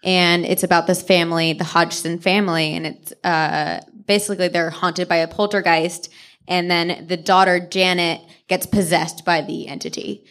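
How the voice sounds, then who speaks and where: A woman co-hosting a podcast live on stage, retelling a true ghost story with lively asides and quick character voices. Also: lowish voice. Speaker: podcast co-host. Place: on stage before a live audience.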